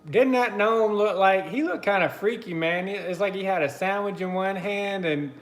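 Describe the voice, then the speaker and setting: A man's voice: sits high, normal speed, roomy sound. A man hosting a casual live stream, chatty and greeting his viewers by name between easy laughs. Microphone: computer mic on a live stream.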